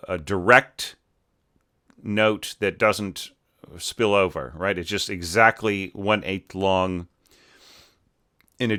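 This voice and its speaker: A man's voice: deep voice, bright, forceful tone, clean tone. A man teaching orchestration, talking through a student's score in a loose, unscripted way, full of "you know" and "right?" and restarting his sentences as he thinks aloud. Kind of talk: casual spoken score review.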